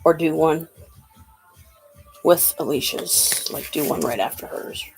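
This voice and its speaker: A woman with a slightly low voice talks through a tarot reading in a loose, chatty way. She rambles and drifts between thoughts, with plenty of ums and you-knows. Faint music sits in the background. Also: unhurried, gravelly, poor audio. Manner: chatty and rambling, with many fillers. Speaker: tarot reader. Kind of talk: casual tarot card reading.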